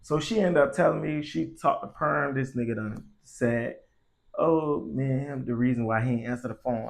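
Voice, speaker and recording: A man's voice: medium pitch, moderate pace, gravelly. A young man telling a story casually, in slangy and profane speech that grows heated. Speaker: vlogger.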